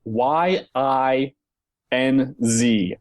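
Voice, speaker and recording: A man's voice: mid-range voice, drawn-out words. A man from Northern Virginia co-hosting a comedy podcast, telling a rambling story in casual chat. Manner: rambling, self-interrupting storyteller. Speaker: podcast co-host.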